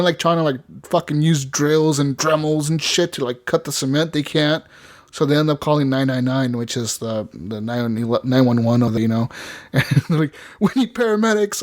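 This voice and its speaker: A man's voice: on the high side, fairly even intonation, a little fast, a little mellow. Swearing, rambling man telling a story. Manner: rambling storyteller, swears a lot, acts out quoted voices. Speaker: podcast co-host. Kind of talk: casual chat.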